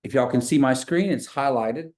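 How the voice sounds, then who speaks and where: A patient man teaching beginners a language by video call from his office repeats phrases slowly. His mid-range voice has a slightly mellow quality.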